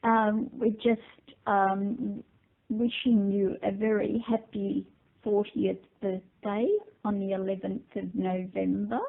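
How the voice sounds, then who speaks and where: An older woman, giving a halting birthday message with many pauses and ums. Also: medium pitch, flat delivery, gravelly. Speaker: family member sending birthday wishes. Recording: tinny phone-like recording.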